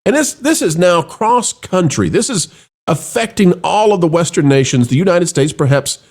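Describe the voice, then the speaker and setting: Sarcastic man with a lively swooping voice. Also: moderate pace. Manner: sarcastic and mocking; dramatic swings between high and low voice. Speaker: commentary show host. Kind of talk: opinionated news commentary.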